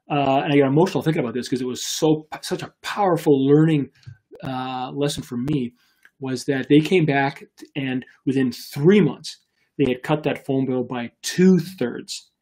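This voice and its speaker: A man in his fifties, a business coach hosting a live show, telling a story in a chatty, animated way with many fillers and restarts. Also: medium pitch.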